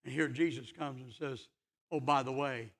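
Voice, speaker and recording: A man's voice: medium pitch, moderate pace, a bit bright. A man preaching a fervent church sermon, emphatic and full of rhetorical questions. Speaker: pastor.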